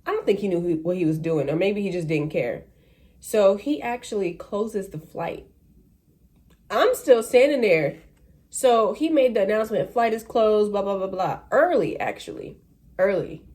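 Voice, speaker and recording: A flight attendant vlogs a casual rant at normal speed in a medium-pitched voice. Telling her story with animation, she acts out the voices of the people in it.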